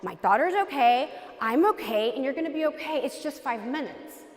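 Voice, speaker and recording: A woman's voice: sits high, lively intonation, normal speed, echoey room, big-room sound. A woman voicing a polished woman doctor who soothes a nervous patient. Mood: reassuring. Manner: reassuring, coaxing.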